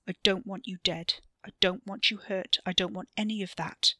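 A woman's voice: mid-range voice, fairly even intonation, normal speed, sharp tone, dry recording, studio quality. A woman voicing an anxious, guilty young man who pleads earnestly. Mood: pleading.

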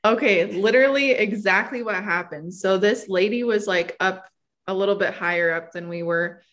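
A woman's voice: mid-range voice, normal speed, a bit bright. A young woman, a photographer and guest, telling stories in an easygoing way with lots of fillers. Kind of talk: casual storytelling.

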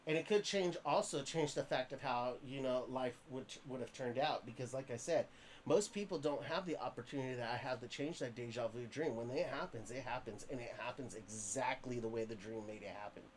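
A man's voice: medium pitch, fairly quick, slight background noise. A man, a podcast guest, tells a story in a casual, rambling way with lots of fillers and restarts.

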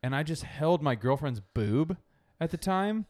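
A man's voice: a little high, lively intonation, measured pace, a little mellow. A man in his thirties in casual podcast chat, blunt and crude in his jokes. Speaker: podcast co-host.

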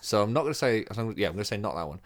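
A man's voice: on the low side, expressive, rapid-fire. A young man bantering in a casual quiz chat, swearing and teasing his friend. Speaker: quiz contestant and co-host.

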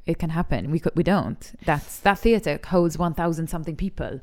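A young adult actress from Malta, speaking openly and with feeling in an interview, laughing easily. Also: female voice, deep voice, moderate pace, a little mellow. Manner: candid and emotional, laughs easily. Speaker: actress and TV talent show judge. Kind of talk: frank interview conversation.

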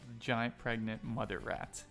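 Gravelly-voiced man running a tabletop game. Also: mid-range voice, steady tone, a little slow, fairly bright tone. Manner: casual, crude, filler-heavy. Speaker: game master. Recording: faint music behind.

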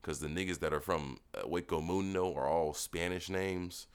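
A man's voice: low voice, fairly even intonation, moderate pace, smooth. A young man co-hosting a podcast in casual chat, rambling through stories, swearing freely and laughing at his own jokes. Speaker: podcast co-host.

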